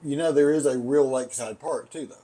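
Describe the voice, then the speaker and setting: A man's voice: mid-range voice, fairly quick, dark tone. Chatty Southern man telling stories. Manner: rambling storyteller, laughs often. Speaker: podcast co-host. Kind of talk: casual chat.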